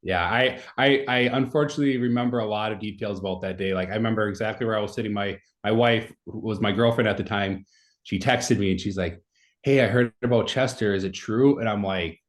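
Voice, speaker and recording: A man in his thirties with a fairly low voice talks through a story in relaxed podcast chat. He rambles and scatters fillers all through his sentences. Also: fast. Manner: rambling, many fillers like "like" and "you know". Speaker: podcast guest. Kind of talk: casual conversational storytelling.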